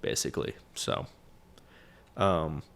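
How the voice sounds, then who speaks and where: A man's voice: slow pace, fairly bright tone. A man with a stuffy, nasal voice, co-hosting a casual business podcast and giving plainspoken advice. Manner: plainspoken, advisory. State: stuffy nose from smoke. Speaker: co-host, property manager.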